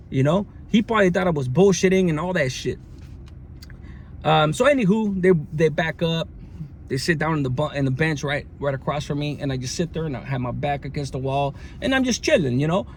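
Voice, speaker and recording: Man with a fairly high voice, casual storyteller full of slang and fillers, faint hiss behind him. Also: vocal fry. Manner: slangy, lots of fillers and restarts. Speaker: storyteller recounting jail experience. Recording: faint background noise.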